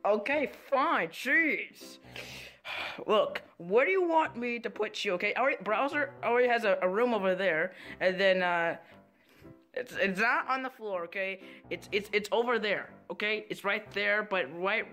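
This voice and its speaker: A woman's voice: medium pitch, expressive, unhurried, fairly bright tone, faint music behind. A woman voicing a grumpy, short-tempered male turtle king in a puppet comedy skit, grumbling and stammering in exasperation. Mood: exasperated.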